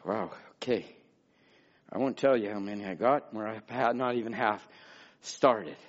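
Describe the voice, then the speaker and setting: A man preaching a fervent sermon as pastor, moving from quiet, plain talk to loud shouting. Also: lowish voice, normal speed, dull audio.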